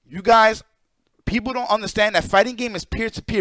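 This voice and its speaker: A high-pitched man on a live stream, ranting loosely and cursing freely as he explains things to his chat. His voice sits close and dry on the mic, with no room sound around it. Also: a little fast, no echo. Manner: profane, animated, talks to chat. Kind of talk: casual live-stream rant.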